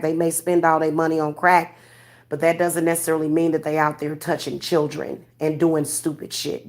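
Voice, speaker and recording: Blunt, profane woman ranting to viewers. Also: mid-range voice. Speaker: vlogger giving spiritual readings.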